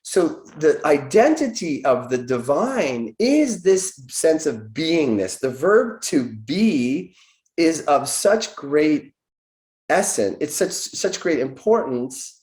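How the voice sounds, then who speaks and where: Man explaining with a lively, swooping pitch. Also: takes it slowly. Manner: earnest, searching, explanatory. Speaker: podcast guest, naturopathic doctor. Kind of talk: reflective spiritual explanation. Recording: echoey room.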